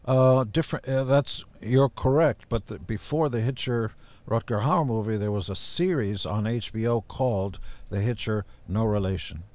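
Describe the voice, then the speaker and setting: A man in his seventies, a podcast guest, telling stories in a gruff, deadpan way and acting out other people's voices. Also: fairly low pitch, normal speed, few pauses. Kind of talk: casual storytelling.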